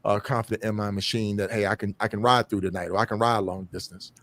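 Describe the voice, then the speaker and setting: A man's voice: on the low side, level tone, quick pace, fairly bright tone. A man, an endurance motorcycle rider, talking earnestly in a casual podcast conversation and repeating phrases for emphasis.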